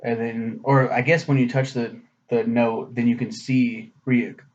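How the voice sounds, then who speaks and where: A man's voice: medium pitch, little pitch movement, a little slow, darkish tone. A man giving a casual, rambling anime review, profane and sarcastic in a loose, offhand way. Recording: slightly muffled lo-fi audio.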